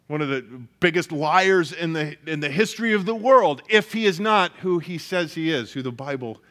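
A man's voice: a little high, a bit bright. A man preaching a sermon, earnest and emphatic, often repeating phrases for weight. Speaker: pastor.

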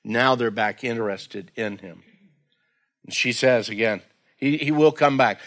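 A man's voice: medium pitch, unhurried, a bit bright. A man preaching a sermon as pastor in a church, earnest and conversational, often saying "man" and "again". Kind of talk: expository sermon.

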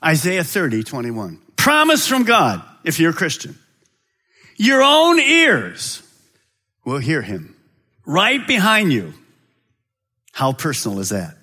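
A pastor of a large church preaches in a dramatic way, jumping from loud high calls to soft, low drops. His pitch swoops wildly, he speaks a little slowly, and his voice is slightly rough.

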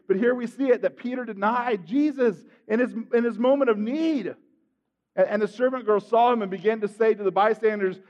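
Man preaching in a big echoey hall, kinda high voice, dull muffled sound, acts out the story. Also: fairly quick. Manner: animated storytelling, acting out scenes, swings from loud to hushed. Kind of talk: sermon.

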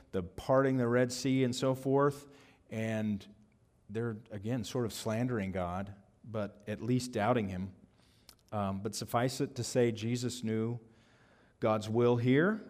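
A man preaching an expository sermon, thoughtful and halting, with frequent fillers and restarts. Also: medium pitch, darkish tone. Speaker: pastor.

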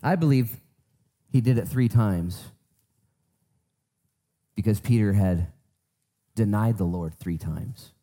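Fervent, mellow-voiced male pastor. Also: lowish voice, slow pace, long pauses. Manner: fervent, swings from hushed to emphatic. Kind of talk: sermon with prayer.

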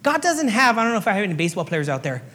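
A man's voice: high voice, very animated, rapid-fire, pushed and bright. A man preaching a sermon as pastor and fire chaplain, earnest and repetitive, sometimes acting out little voices. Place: church sanctuary. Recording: long hall reverb.

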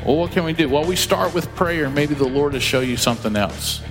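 A man preaches in a sermon, emphatic and direct, slipping into quoted voices to make his points. His voice sits fairly high. It rings with the long reverb of a church hall. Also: brisk, over music. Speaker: pastor.

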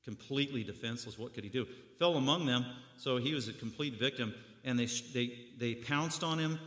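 A man preaching a sermon, telling the story dramatically with sudden loud bursts and hushed drops. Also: medium pitch, brisk, reverberant, long reverb tail.

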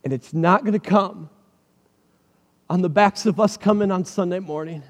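High-voiced energetic preacher in a reverberant hall. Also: male voice, moderate pace. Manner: energetic, animated preaching with rhetorical questions. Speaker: pastor. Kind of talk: sermon. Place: church stage before a congregation.

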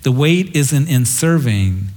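A man's voice: mid-range voice, expressive, slow pace, a little mellow. A middle-aged man preaching a sermon as a pastor, earnest and reflective, quoting scripture in a tender way.

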